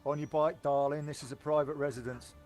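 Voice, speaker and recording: A gruff heavy who sneers at every visitor and wants them gone. An actor voices him, menacing and dismissive, for a game scene with music faintly underneath. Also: male voice, fairly high pitch, flat delivery, fairly quick, a little mellow, close to an everyday voice. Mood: hostile. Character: hostile London male minder, rude and territorial.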